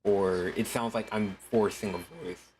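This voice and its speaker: A man's voice: lowish voice, steady tone, a little mellow, a little hiss or hum. A man streaming live, chatting casually in a put-on streaming voice, rambling with many restarts and curses. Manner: uses a deliberately put-on streaming voice. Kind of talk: casual livestream chat.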